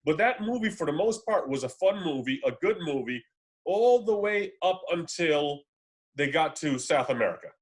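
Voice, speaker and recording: A man's voice: fairly high pitch, lively intonation, normal speed, breathy edge. A man chatting casually as a podcast co-host over a remote call, rambling with fillers and swearing. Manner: rambling, profane, frequent fillers and restarts. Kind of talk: casual chat.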